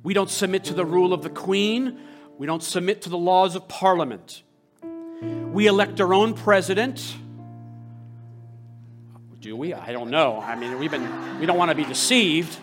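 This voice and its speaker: An American man, a rabbi, preaching a sermon with passion and rhetorical questions, swinging between loud and hushed. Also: sits high, moderate pace, pauses often, soft background music. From United States.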